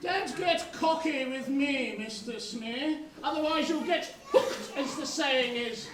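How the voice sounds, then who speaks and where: A woman's voice: high-pitched, takes it slowly, crowd noise. A woman playing a blustering, pompous villainous pirate captain in an amateur stage pantomime, recorded from far off in an echoey hall. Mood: scolding. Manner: theatrical, shouting orders, scheming.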